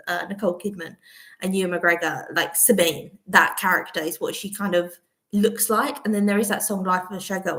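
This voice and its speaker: A woman hosting a casual live chat from home, rambling between topics and laughing often. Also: medium pitch. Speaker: vlogger host. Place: at home, indoors.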